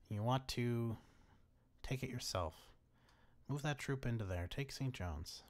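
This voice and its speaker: A man's voice: medium pitch, lively intonation, measured pace, long pauses. A young man giving casual strategy-game commentary, laughing often and swearing freely. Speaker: gaming commentator.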